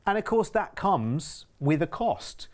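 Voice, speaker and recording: A man's voice: high-pitched, sing-song, slow. A man with a British accent presenting cruise deals on a TV shopping channel in an emphatic, chatty, upbeat way. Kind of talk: enthusiastic sales chat.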